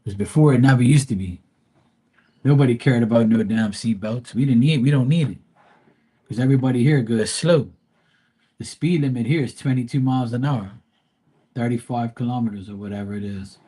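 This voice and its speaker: A man's voice: medium pitch, fairly quick, dark tone, breathy edge. A man, chatting casually on a live stream and ranting bluntly with plenty of cursing. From Bermuda. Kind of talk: casual chat.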